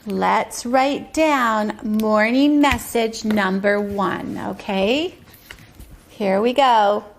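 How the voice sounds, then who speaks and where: Pitched in the middle range, this woman teaches a preschool circle-time lesson with a slow, sing-song delivery that stretches rhymes and syllables. There's a faint hiss or hum in the recording.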